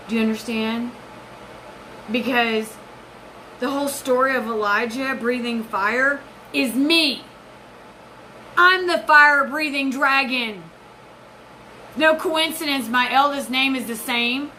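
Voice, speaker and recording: 40s lady rambling on, sharp bright voice, curses a lot, kinda high. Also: slow pace, long pauses, slight background noise, rough recording. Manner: intense, rambling, profane, jumps between topics. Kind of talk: rambling personal monologue.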